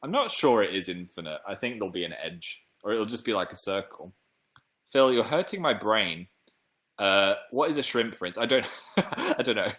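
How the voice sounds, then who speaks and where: A man's voice: lowish voice, animated, moderate pace, fairly bright tone. A young man from England hosting a casual live stream, rambling playfully and reading out viewer comments. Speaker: livestream host. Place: home room.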